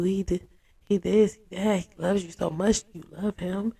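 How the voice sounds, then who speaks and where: A low, husky woman's voice, mellow and dark in tone. She tells her story frankly and with animation, acting out quotes in a casual interview. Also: steady tone, moderate pace. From United States.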